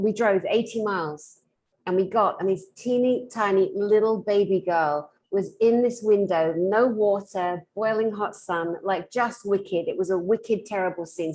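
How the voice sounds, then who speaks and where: Woman, lowish voice, chatty rambling storyteller. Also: poor audio. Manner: rambling, self-correcting, animated. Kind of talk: casual storytelling.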